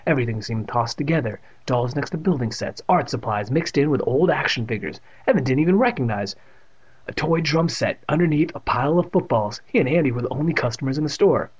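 A man's voice: mid-range voice, lively intonation, fairly quick, breathy edge. A man reading a children's book aloud and tossing in joking asides. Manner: adds joking asides to the text. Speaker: reader. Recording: muffled lo-fi recording.

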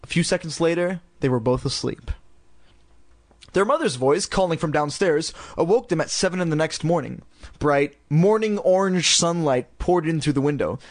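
A man's voice: on the high side, normal speed. Man reading a storybook irreverently. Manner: irreverent, casual. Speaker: reader. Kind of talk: storybook reading with crude ad-libs.

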